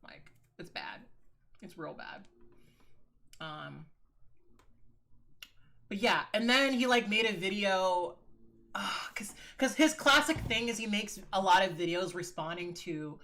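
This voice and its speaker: A woman's voice: mid-range voice, animated, unhurried, pauses often, a bit bright. A woman in a casual livestream, chatting frankly with viewers, swearing freely and calling them girl and sis. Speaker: livestreaming video creator.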